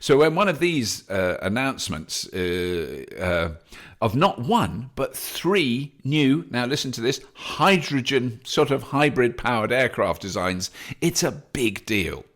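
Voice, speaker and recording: A man's voice: mid-range voice, expressive, takes it slowly, a bit bright. A man hosting a solo news update podcast, chatty and enthusiastic with self-deprecating humour. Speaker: podcast host.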